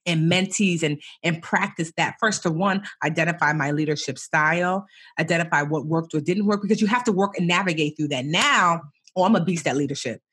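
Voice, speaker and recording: A woman guest chatting casually in an interview, telling stories with animated asides and voicing herself in quotes. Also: lowish voice, husky. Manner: lively storyteller, animated self-quotes. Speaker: guest entrepreneur.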